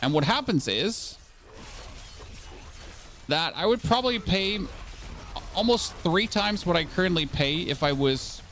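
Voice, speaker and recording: A man's voice: sits high, lively intonation, a little slow, pauses often, fairly bright tone, slight background noise. A man from Germany with a German accent, chatting sarcastically to his stream chat while playing a game. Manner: sarcastic, rambling, talking to chat. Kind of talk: casual live-stream chat while gaming.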